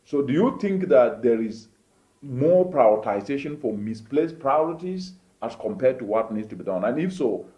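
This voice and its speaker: Guy hosting a mindset show, low-key dark voice, preachy and emphatic. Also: big pitch swings, normal speed, echoey room. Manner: emphatic, preachy, rhetorical questions. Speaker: host. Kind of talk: motivational interview talk.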